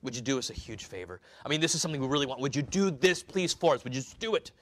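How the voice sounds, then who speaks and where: A man's voice: medium pitch, animated, very fast, close to an everyday voice. Eager wheedling disciples asking a favor, voiced by a male preacher mid-sermon. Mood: pleading. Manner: pleading, wheedling.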